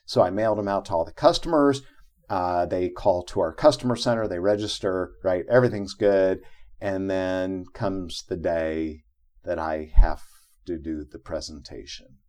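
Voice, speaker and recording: A man's voice: low-pitched, moderate pace. A middle-aged man, an interview guest, telling a personal story in conversation and acting out the quotes in it. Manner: animated, acts out quotes from his own story.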